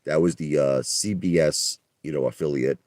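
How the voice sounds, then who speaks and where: Deep-voiced New man rambling on a livestream. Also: normal speed, darkish tone, no room sound. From Brooklyn, New York. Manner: rambling, chatty, greets viewers by name. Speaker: livestream host. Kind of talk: casual livestream chat. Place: in his parked car.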